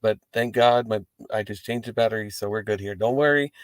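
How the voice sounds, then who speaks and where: A man with a fairly low voice hosts a wrestling post-show from inside his parked car, speaking casually and profanely to the camera at a fairly quick pace. He rambles with animated asides, and the recording has no echo.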